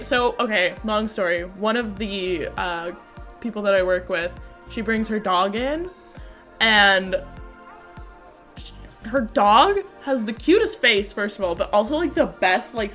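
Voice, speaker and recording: A woman's voice: mid-range voice, fairly bright tone. A young woman streaming, chatting casually and giggly with her viewers. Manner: giggly, chatty, bursts into shrieking laughter.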